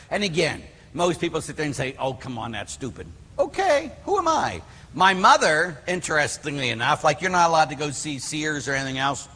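A middle-aged man from Pittsburgh preaches as a priest, his voice husky yet bright and rather high. He tells his stories with lively energy and plenty of fillers. His words ring out with the long reverb of a church hall. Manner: animated storyteller acting out quotes, many fillers. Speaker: Catholic priest. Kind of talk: storytelling sermon.

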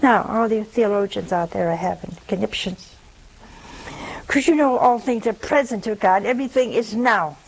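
Gravelly, folksy woman giving a religious talk. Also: mid-range voice, moderate pace, low-quality recording. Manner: folksy, humorous storytelling with rhetorical questions. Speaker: Catholic religious speaker.

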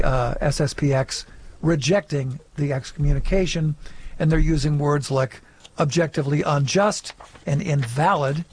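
Male radio host taking calls, brisk announcer delivery, slightly high voice. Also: slight background noise. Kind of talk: call-in radio hosting.

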